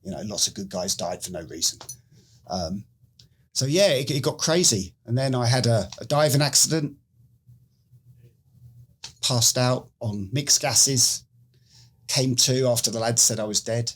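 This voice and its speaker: A middle-aged British man, once a special forces medic, tells a story in a casual interview, animatedly acting out what people said. His mid-range voice moves at a measured pace with frequent pauses.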